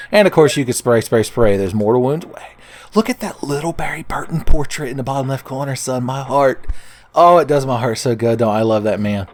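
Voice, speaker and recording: A man's voice: lowish voice, a little mellow. A young man giving casual, jokey commentary while playing a video game, often calling the listener "son". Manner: jokey, playful, keeps calling the viewer "son". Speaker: let's play commentator.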